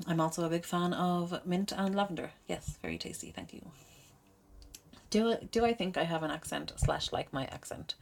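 A woman's voice: deep voice, creaky. A woman in casual chat, answering listener questions in a chatty, self-deprecating way and laughing often. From Ireland. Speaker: amateur audio creator answering listener questions.

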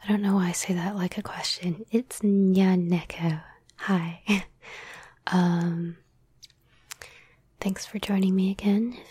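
A woman's voice: on the low side, mellow, no echo. A woman hosting her podcast in a whispered chat, hesitant and self-deprecating, with many fillers. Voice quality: breathy whisper. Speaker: podcast host and script writer.

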